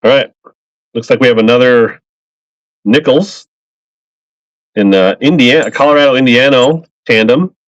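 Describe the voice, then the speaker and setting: A man's voice: mid-range voice, normal speed, long pauses, no echo. Man, live-selling chat, upbeat and rambling, dry close sound, slightly muffled stream audio. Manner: upbeat, rambling, greets buyers by name. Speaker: live auction seller of fishing lures.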